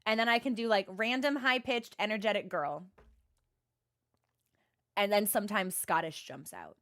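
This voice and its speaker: A woman's voice: medium pitch, moderate pace, a bit bright. A young woman streaming and chatting with viewers, rambling and self-deprecating, often restarting her sentences. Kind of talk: casual chat with stream viewers.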